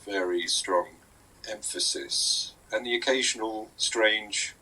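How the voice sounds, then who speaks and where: A man's voice: on the low side, slow, bright, forceful tone, breathy edge, rough recording. A man who is a guest comedy writer on a podcast, chatting casually in a giggly, playfully sweary way.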